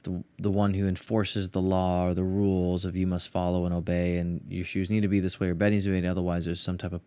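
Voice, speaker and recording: Low-voiced man hosting a reflective podcast. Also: little pitch movement, quick pace, mellow, clear, resonant tone, dry recording. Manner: thoughtful, searching, restarts phrases. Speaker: podcast host. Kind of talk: reflective interview questions.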